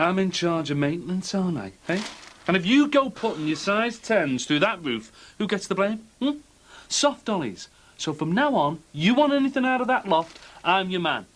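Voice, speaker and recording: A bossy, suspicious caretaker, nagging in a high voice that swings up and down. Faint noise sits behind him. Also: male voice, very animated, moderate pace, a bit bright.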